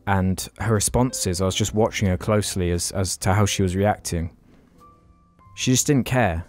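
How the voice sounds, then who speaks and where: A man's voice: low-pitched, normal speed, darkish tone, faint music behind. A man co-hosting a podcast, telling a story in casual chat, frank and sweary, with many restarts. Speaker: podcast co-host.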